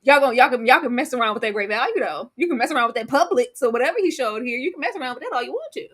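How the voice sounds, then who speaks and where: Southern woman co-host, lively pitch, drawn-out emphasis. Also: husky. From Texas. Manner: animated, laughing, drawn-out emphasis. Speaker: podcast co-host. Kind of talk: casual chat.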